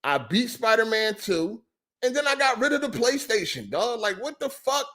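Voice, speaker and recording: A man's voice: very high-pitched, moderate pace. A man hosting a live gaming podcast, ranting heatedly and profanely while answering chat. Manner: profane, animated, talks back to chat. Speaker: podcast host. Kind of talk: heated live-stream rant.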